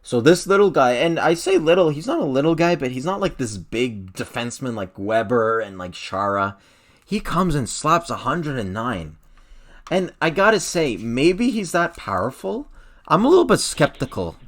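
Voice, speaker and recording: A man's voice: mid-range voice, sing-song, normal speed, fairly bright tone. A young man hosting a hockey podcast in casual chat, laid-back and hesitant with many fillers. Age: young adult. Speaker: podcast host.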